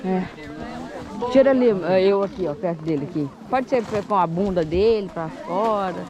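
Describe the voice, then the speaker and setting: Brief: woman tourist, casual chat, loud crowd all around. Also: lowish voice, brisk. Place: outdoors in a group of visitors.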